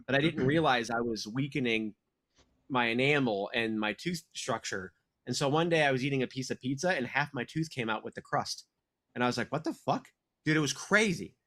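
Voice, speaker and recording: A man's voice: mid-range voice, fairly quick, a bit bright. Laid-back swearing man rambling a story. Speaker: podcast co-host. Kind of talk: casual chat.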